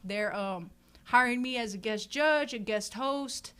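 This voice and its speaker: A woman with a fairly high voice, a guest on a casual podcast. She talks emphatically about her trade, with lively push on her points. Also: unhurried, clear, resonant tone. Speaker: guest barber.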